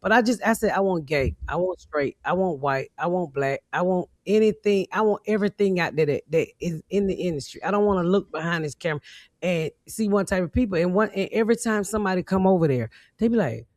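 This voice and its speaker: A middle-aged woman hosting a comedy podcast, telling stories in a brash, profane, animated way. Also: lowish voice, quick pace, dry recording, studio quality. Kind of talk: loud storytelling chat.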